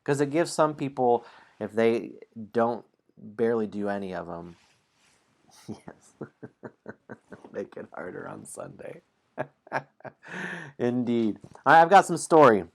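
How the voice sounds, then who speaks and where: A man's voice: medium pitch, slow, creaky, long pauses. A man streaming a dice game, chatting casually with viewers, reading out story passages and chuckling often. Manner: relaxed, chuckles often between lines.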